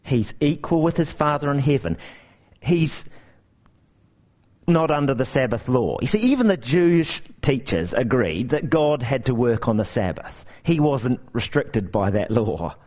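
Animated male preacher, lo-fi sound. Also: medium pitch, measured pace. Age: young adult to middle-aged parent. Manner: animated storytelling with emphatic repetition. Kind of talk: sermon. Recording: dull lo-fi recording.

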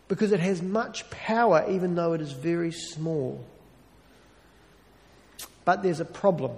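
A man's voice: high voice, darkish tone, in a large hall. A man preaching a sermon in an earnest, conversational way, with wry self-deprecating asides.

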